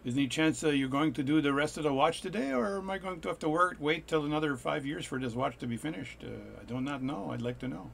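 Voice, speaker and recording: A man's voice: fairly high pitch, expressive, quick pace, vocal fry, hardly any pauses, a little hiss or hum. A man putting on a comic French accent for a joking bit, playing a fussy Frenchman. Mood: pleading. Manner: mock French accent, quieter and drawn out.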